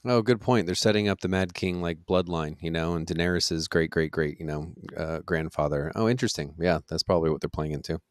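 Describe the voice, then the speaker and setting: A man's voice: deep voice, brisk, few pauses, clean tone, no room sound, studio quality. An easygoing man in a casual TV review chat who agrees readily and says "you know" a lot.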